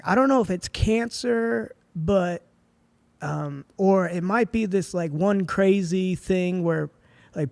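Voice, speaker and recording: Man in his 20s, podcast guest, slightly high voice, relaxed chatty storyteller, dry close mic. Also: gravelly, dry recording. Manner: laid-back, heavy on "like" and "dude". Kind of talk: casual storytelling.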